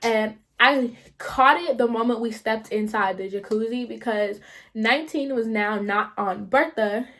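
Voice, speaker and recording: A young woman vlogger telling a story in a casual, slangy, animated way, swearing freely. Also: on the high side, unhurried.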